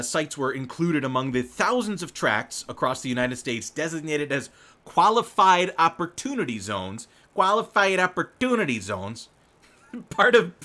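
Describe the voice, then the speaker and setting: A man's voice: mid-range voice, fairly bright tone. A man hosting live political commentary, reading news aloud and breaking in with rambling, swearing asides and frequent laughs. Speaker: show host.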